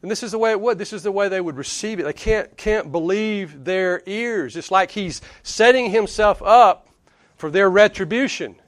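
A man's voice: high voice, normal speed, a bit bright, no echo, studio quality. A man with a Southern US accent preaching a sermon in a conversational, emphatic way, chuckling between points. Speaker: pastor.

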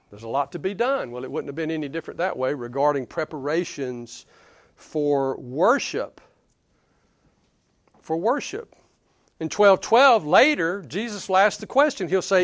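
A man's voice: fairly high pitch, fairly bright tone, dry recording. A man with a Southern US accent preaching a sermon in a conversational, emphatic way, chuckling between points. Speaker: pastor.

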